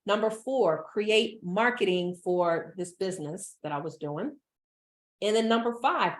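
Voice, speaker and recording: A woman business coach giving an energetic motivational talk, repeating phrases for emphasis. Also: medium pitch, moderate pace.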